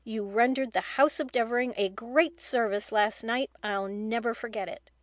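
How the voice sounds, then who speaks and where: A kind, grateful boy speaking warmly to a pony, as a woman reads him in an audiobook. The voice is somewhat high and recorded dry and close. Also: moderate pace, dry recording, close to an everyday voice. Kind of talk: audiobook reading.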